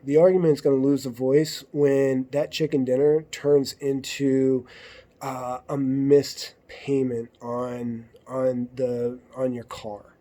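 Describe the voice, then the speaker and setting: Blunt, mellow-voiced man talking casually. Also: medium pitch, flat delivery, slow. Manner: blunt, profane, conversational, acts out quoted partners. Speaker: podcast host. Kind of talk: casual monologue.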